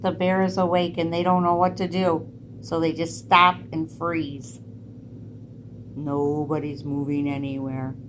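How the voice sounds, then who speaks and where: A woman reading a picture book aloud to children, pausing to ask gentle questions about the pictures. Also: sits low, little pitch movement, slight background noise. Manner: gentle, asks listeners questions. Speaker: storyteller.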